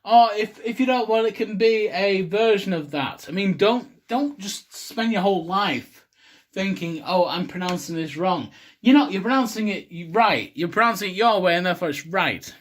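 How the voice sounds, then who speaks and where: Young male host, loose and sweary, slightly high voice that jumps about a lot. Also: animated, normal speed. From England. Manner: swears a lot, rambling and self-mocking. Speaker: cocktail video host. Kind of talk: rambling casual monologue.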